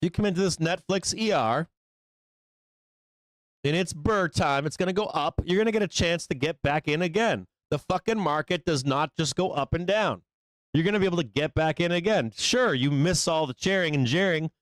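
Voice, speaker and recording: Blunt, profane man with a smooth voice. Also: on the high side, moderate pace, no echo. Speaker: live trading show host. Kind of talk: live market commentary.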